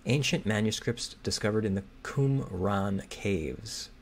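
A man's voice: on the low side, slight background noise. A man thinking aloud as he solves a crossword, hesitantly reading clues and guessing answers. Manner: muttering, hesitant, reads clues aloud slowly. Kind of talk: thinking aloud while solving. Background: keyboard typing and clicking.

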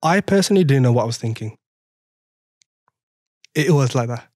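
A man's voice: medium pitch, lively intonation, normal speed, darkish tone, dry recording, clean studio sound. A young man, a podcast guest chatting through a personal story and laughing often. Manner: chatty, laughs often while telling stories. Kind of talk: casual storytelling in an interview.

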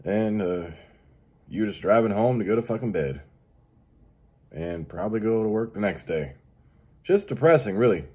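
A middle-aged man with a low, husky voice rambles through a solo show. He jokes crudely and swears freely, in a loose, casual monologue. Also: lively intonation, moderate pace, long pauses, darkish tone. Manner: crude, profane, joking. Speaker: podcast host.

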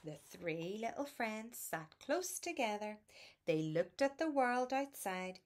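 A woman reading a children's bedtime picture book aloud in a soft, soothing, lilting way. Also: medium pitch, sing-song, takes it slowly. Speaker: storybook reader.

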